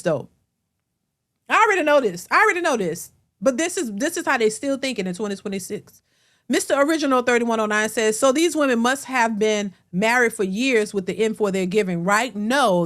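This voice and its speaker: A woman with a high-pitched, fairly bright voice hosts a reaction video. She rants bluntly and emphatically, cursing plenty and speaking straight to her viewers.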